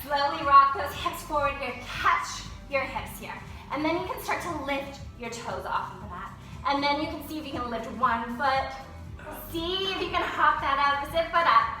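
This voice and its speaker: Over soft background music, a yoga instructor with a high, sharp voice talks at normal speed, encouragingly cueing her class through poses and breaths. She's captured indoors from afar in a strongly echoing room.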